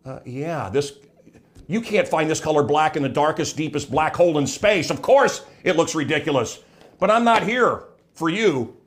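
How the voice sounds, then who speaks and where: A man's voice: fairly high pitch, lively intonation, moderate pace. Brash, sarcastic older man on a vlog. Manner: brash, sarcastic, rambling with self-interruptions; mocking voices of others. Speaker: vlog host, former radio host. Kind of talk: casual monologue to camera.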